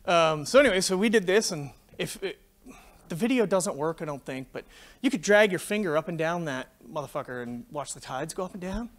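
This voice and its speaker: A man's voice: fairly high pitch, brisk. A Canadian man in his forties giving a conference talk, telling a tech story full of swearing. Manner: swears freely, animated storytelling. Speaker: conference speaker. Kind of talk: profane anecdotal tech talk.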